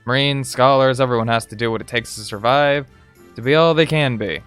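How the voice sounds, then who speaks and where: A man doing a gruff drill sergeant. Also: medium pitch, brisk, fairly bright tone, soft background music, natural voice. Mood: scornful. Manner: barking, insulting commands. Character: gruff harsh male Marine drill sergeant.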